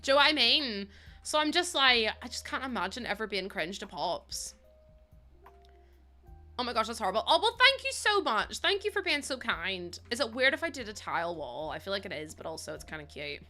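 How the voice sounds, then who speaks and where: A woman's voice: fairly high pitch, sing-song, a little fast, sharp tone, soft background music. A young woman livestreaming, chatting casually and self-mockingly with her viewers while she plays a game.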